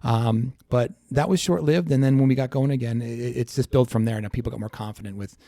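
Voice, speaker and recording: A man talks fast in a podcast studio, keen and full of restarts as he explains his work. His voice is mellow and dark. The sound is close and dry. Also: mid-range voice, dry recording. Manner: fast, animated storytelling with repeated restarts. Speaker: chiropractor guest. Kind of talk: casual podcast interview.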